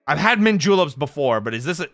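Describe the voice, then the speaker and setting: A man streaming casually, chatting with viewers in an animated, jokey way and laughing often. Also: on the high side, fast talker, no room sound. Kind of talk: casual live-stream chat answering viewers. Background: faint background music.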